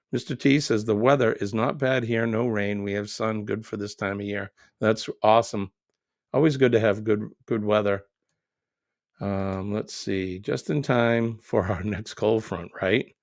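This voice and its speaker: A middle-aged man with a low, gravelly voice chats casually on a live stream, reading viewers' comments and joking along with them. The sound is dry and close, with no room echo. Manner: chatty, joking, reads comments aloud.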